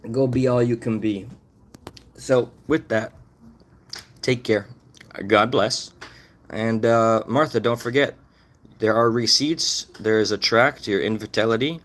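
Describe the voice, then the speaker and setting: Man, mid pitch, live stream rant, profane, confrontational. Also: takes it slowly, long pauses. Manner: profane, confrontational, calls out viewers by name. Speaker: livestreamer.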